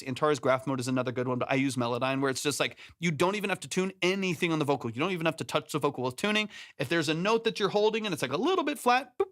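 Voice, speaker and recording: A man's voice: a little high, fairly bright tone. A man hosting a live music-production stream, explaining mixing with examples and many fillers, through a close, compressed studio mic. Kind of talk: live stream feedback chat.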